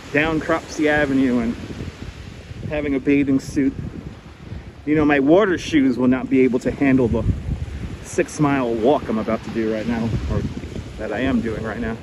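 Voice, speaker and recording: A man hosting a live walking stream on a beach, chatty and a little out of breath, greeting viewers by name over a clip-on mic. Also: medium pitch. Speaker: livestream host. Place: outdoors on a windy beach. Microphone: wireless clip-on mic. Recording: wind noise on outdoor mic.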